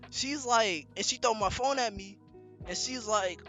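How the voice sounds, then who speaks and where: A young man casually telling a story on a podcast, slangy and animated, with lots of fillers. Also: high voice, a little slow, faint music behind. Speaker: podcast co-host.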